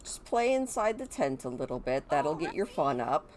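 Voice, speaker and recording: A woman's voice: deep voice, sing-song, moderate pace, a little mellow. A middle-aged woman with a Midwestern American accent, chatting casually as she comments on a game and talks to her viewers. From Michigan, USA. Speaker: gaming video creator.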